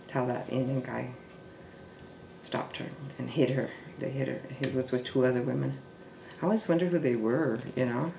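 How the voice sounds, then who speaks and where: A man with a gravelly, creaky voice recounts a family story in a halting, searching way. He restarts sentences often and sometimes sinks into a hush. He is recorded in an echoey room with a faint noise underneath. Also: mid-range voice. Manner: halting, with restarts and trailing fillers. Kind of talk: oral history storytelling.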